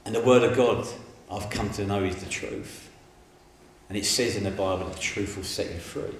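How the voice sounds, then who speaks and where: A middle-aged man telling his life story in an interview, colloquial and animated, acting out the people in his stories. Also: lowish voice, moderate pace. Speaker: interviewee giving a testimony. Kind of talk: candid storytelling. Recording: very echoey room, faint noise.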